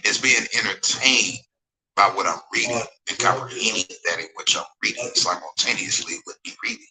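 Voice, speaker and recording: Forceful low-voiced man ranting. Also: a little fast, low-quality recording. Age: 40s. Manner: emphatic, digressive, repeats phrases, asks for agreement. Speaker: livestreamer. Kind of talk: rambling livestream monologue reading chat.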